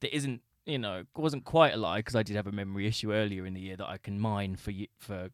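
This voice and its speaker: A man's voice: lowish voice, fast, clean tone, no echo, clean studio sound. A young man from Britain co-hosting a casual chat, telling self-mocking stories in a playful way. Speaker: podcast co-host.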